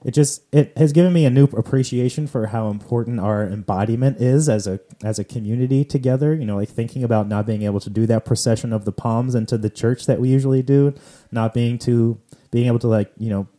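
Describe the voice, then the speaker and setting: A man's voice: mid-range voice, a little fast, dark tone. A man hosting a church podcast, talking in a loose, conversational way with plenty of fillers. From California. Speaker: podcast host. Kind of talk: casual chat on church readings.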